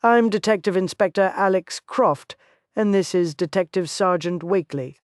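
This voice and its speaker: A woman voicing a young, tidy female detective with a Scottish accent who asks brisk, probing questions. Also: mid-range voice, no echo, clean studio sound, natural voice.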